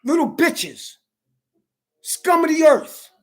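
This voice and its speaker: A woman's voice: high voice, animated, takes it slowly. Furious woman ranting, swearing. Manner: profane, confrontational, repetitive taunting; rises to shouting at times. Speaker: vlogger. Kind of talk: angry political rant to camera.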